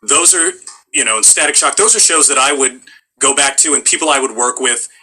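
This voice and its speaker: A man's voice: mid-range voice, fairly quick, sharp tone, breathy edge, low-quality recording. A middle-aged male voice actor in casual interview chat, a wry, self-deprecating storyteller.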